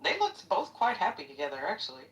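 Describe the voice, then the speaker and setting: A woman's voice: medium pitch, huge pitch swings, quick pace, a bit bright, far from the mic, poor audio. A woman in her fifties chatting casually, rambling and joking as she gossips. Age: 50s. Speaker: participant in a live audio chat. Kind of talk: casual chat.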